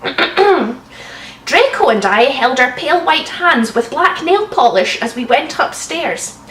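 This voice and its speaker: In a room at home, a young woman does a comic dramatic reading of bad fanfiction, breaking off for sarcastic, swearing asides and bursts of laughter. Her voice is high, sing-song, slow, and fairly bright. The recording sounds roomy, with the mic slightly distant.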